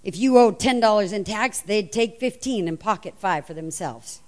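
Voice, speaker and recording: A middle-aged woman preaching a sermon, telling the story with lively, acted-out voices. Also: medium pitch, moderate pace.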